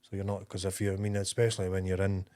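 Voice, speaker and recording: Low-voiced man co-hosting a business podcast. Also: monotone, darkish tone. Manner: explains in a measured way with many fillers. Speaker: podcast co-host. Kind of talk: casual business podcast chat.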